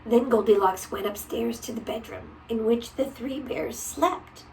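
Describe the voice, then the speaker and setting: A woman reading a picture book aloud to a child, gentle and often dropping to a whisper. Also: fairly high pitch, a little slow, gravelly, recorded from a distance, a little hiss or hum, low-quality recording.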